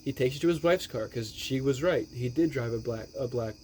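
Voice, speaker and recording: A man's voice: medium pitch, fairly quick, darkish tone, a little hiss or hum. A man giving a rambling, exasperated movie recap, swearing heavily as he talks. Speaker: movie reviewer. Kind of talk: profane movie recap rant.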